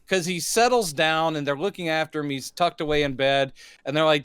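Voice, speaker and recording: A man co-hosting a casual podcast, recounting a movie's plot at length and acting out the characters' lines in quick asides. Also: on the high side, fairly bright tone, clear, resonant tone, no echo. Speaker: podcast co-host. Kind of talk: casual movie recap chat.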